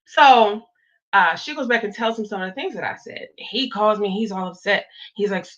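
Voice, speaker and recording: A woman vlogger in her thirties tells a personal story to camera in a lively, dramatic way. Her voice sits at an ordinary middle pitch. The audio is a bit dull and lo-fi. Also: moderate pace. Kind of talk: casual storytelling vlog.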